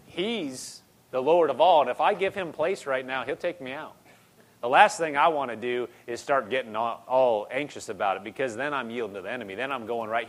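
A man's voice: medium pitch, fairly bright tone. A man preaching a conversational sermon, repeating phrases and rising into emphatic bursts.

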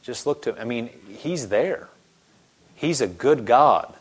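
An unhurried man with a husky, medium-pitched voice preaches earnestly and conversationally, imitating the voices he quotes. He opens in an animated way and gradually softens to a gentle hush.

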